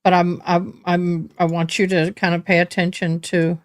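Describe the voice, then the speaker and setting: A woman hosting a live stream, giving casual commentary in a halting way and repeating words when she is moved. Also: fairly low pitch, flat delivery, no echo.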